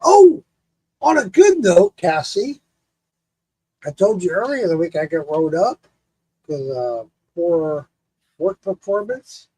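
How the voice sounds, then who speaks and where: A man's voice: high voice, takes it slowly, long pauses, no room sound, poor audio. A man hosting a casual drinking chat, telling stories with cursing and laughter. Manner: animated storyteller, cursing and laughing. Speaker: show host.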